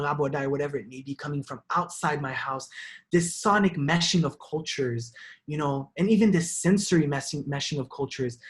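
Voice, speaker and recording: A young man from Haiti giving an artist talk, telling his own story in an earnest, reflective way, often restarting and repeating words. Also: a little high.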